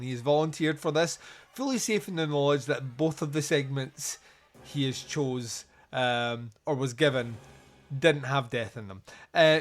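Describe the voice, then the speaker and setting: A Scottish man hosting a podcast in loose, jokey chat, rambling and laughing often. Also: a little high. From Scotland. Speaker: podcast host.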